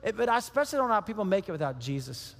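High-voiced preacher in a reverberant hall. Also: male voice, rapid-fire, gravelly. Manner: animated storytelling, acting out quoted voices. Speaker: pastor. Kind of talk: sermon.

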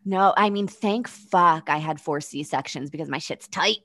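A woman's voice: sits low, unhurried, a bit bright, dry recording, studio quality. A woman hosting a podcast, chatting casually in a blunt, crude way and laughing often. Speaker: podcast host. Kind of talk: casual chat.

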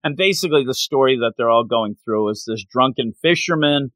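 A man hosting a podcast, retelling an anime episode in an animated, playful way in casual chat. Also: medium pitch, brisk, no room sound. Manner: animated storytelling with playful bits. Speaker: podcast host.

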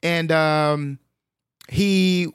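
A man casually retelling a film's plot as a podcast co-host, animated and full of filler sounds. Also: on the high side, extremely slow, clear, resonant tone, no room sound, clean studio sound. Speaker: podcast co-host recapping a film. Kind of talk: casual film recap chat.

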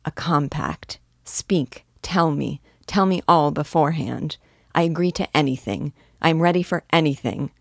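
Woman reader voicing an impulsive young dreamer; low, eager, close and dry. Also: steady tone, unhurried, gravelly, dry recording, heavily acted. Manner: eager, pleading, gently emotional. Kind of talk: audiobook dialogue reading.

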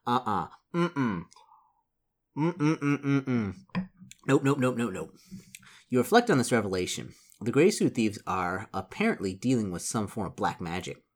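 A man reading a solo gamebook aloud, stumbling over words and breaking off into animated asides. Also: on the low side. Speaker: reader playing a solo gamebook.

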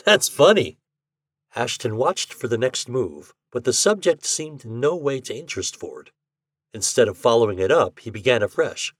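Man narrating an old story, expressive lively pitch, super dry close sound. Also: normal speed, no echo. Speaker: podcast narrator. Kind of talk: scripted narration of classic fiction.

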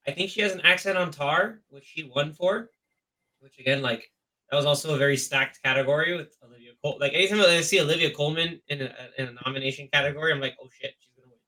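A man co-hosting a podcast, leading a chatty, lively chat about film awards. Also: on the high side, fast. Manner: chatty, lively, leads the talk. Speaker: podcast co-host.

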